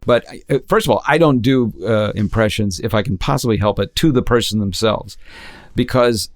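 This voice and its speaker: A man's voice: fairly low pitch, moderate pace. A man, an actor and impressionist, telling stories in a casual interview and breaking into quoted voices. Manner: animated, jumps into quoted voices.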